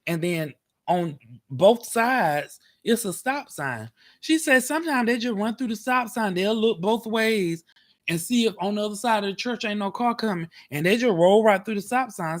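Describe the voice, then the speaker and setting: A man telling a story in a casual vlog, animated and dramatic, acting out the scene. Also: high-pitched. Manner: animated, dramatic, acts out scenes with cries and shouts. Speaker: vlogger. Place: parked car.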